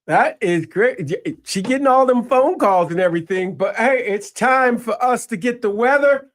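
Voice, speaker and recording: A man's voice: very high voice, normal speed, hardly any pauses. A man hosting a radio show, joking around in casual, playful banter. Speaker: radio sports show host.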